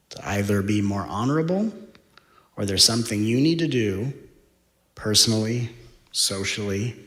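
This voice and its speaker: A man giving a spiritual talk, speaking in slow, deliberate phrases and dropping to a hushed whisper for emphasis. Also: fairly low pitch, reverberant. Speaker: spiritual teacher.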